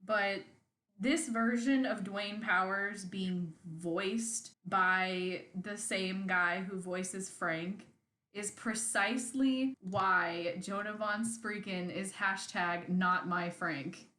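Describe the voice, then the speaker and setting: A woman's voice: mid-range voice, steady tone, slow, sharp tone, reverberant. A woman co-hosting a casual fan podcast, chatting and laughing often. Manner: giggly, frequent laughter. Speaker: podcast co-host.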